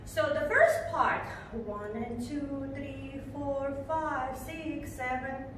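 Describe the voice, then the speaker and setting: Female dance teacher, unhurried, high voice, counts steps aloud; distant camera mic in an echoey room with faint noise. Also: fairly bright tone. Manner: counts beats aloud and sings rhythm syllables. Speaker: belly dance instructor.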